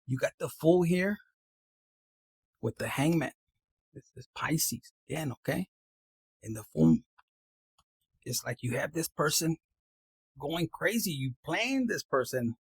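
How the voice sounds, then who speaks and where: Man, casual tarot reading, animated and slangy, husky, dry close sound. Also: fairly high pitch, no room sound, poor audio. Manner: animated, slangy, mixes in Spanish phrases. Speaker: tarot reader.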